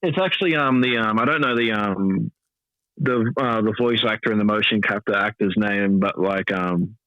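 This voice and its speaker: A man's voice: on the low side, moderate pace, dry recording. Filler-heavy male guest, dull dry audio. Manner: filler-heavy, swearing, laughing. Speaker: wrestler, podcast guest. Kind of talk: casual interview chat.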